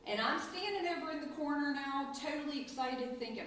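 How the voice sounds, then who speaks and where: A middle-aged woman, a school administrator, telling a personal story in a ceremony speech and acting out the quoted lines with lively voices. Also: high-pitched, moderate pace, hardly any pauses, a little hiss or hum. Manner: storytelling, animated in quoted asides. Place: large echoey hall. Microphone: distant from the mic. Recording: echoey hall, voice from far off.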